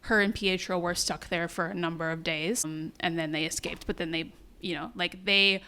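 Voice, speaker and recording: Bright, clear-voiced woman podcast co-host. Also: fairly low pitch. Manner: animated recapping, quick asides. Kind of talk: casual chat.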